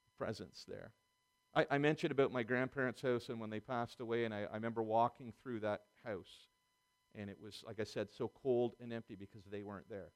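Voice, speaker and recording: A man's voice: mid-range voice, fairly even intonation, brisk, smooth. A man preaching a sermon to a church and closing in prayer, earnest, repeating phrases and stumbling on his starts. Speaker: pastor. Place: church service.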